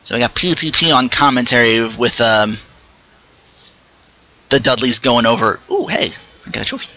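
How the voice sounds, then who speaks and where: A man hosting a casual solo podcast, rambling and restarting his sentences, with quick asides while he plays a game. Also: mid-range voice, sharp tone, poor audio. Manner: rambling, stops and restarts mid-thought; chatty, with short asides while playing a video game. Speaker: podcast host.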